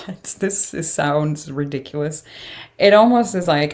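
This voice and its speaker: A woman with a low-pitched voice reads tarot cards in a loose, chatty way. She talks through each card as it comes up and breaks in with startled exclamations. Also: slow pace, darkish tone. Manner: reacts aloud to cards with surprised exclamations and laughs. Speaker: tarot reader. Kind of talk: casual tarot reading.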